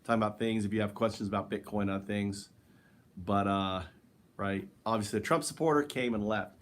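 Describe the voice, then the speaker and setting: A man's voice: fairly low pitch, fairly quick. Rambling man chatting on a livestream. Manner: rambling, talks to viewers, answers chat. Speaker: livestream host. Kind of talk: casual livestream chat. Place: at home, sitting on the floor.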